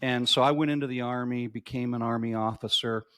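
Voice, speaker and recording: A man speaking as a guest in a casual podcast interview, relaxed, with dry, teasing humor. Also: mid-range voice, brisk.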